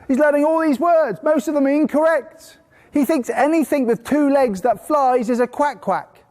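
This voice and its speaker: High-voiced man teaching in a reverberant hall. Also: moderate pace. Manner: lively and anecdotal, with playful put-on praise voices. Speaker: horse trainer teaching a course. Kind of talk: live workshop talk to a group. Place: indoor training venue with a horse brought in.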